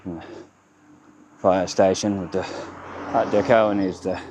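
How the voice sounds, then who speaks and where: A low-voiced man strolls outdoors, narrating his town in loose, self-correcting fragments. His delivery is casual and wandering, with a faint outdoor hiss and insects in the background. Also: steady tone, a little slow, a little mellow. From Australia. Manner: rambling, chatty, self-correcting, speaks in short fragments. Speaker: vlogger giving a walking tour of his town. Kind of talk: casual walking-tour commentary. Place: outdoors on town streets by a river.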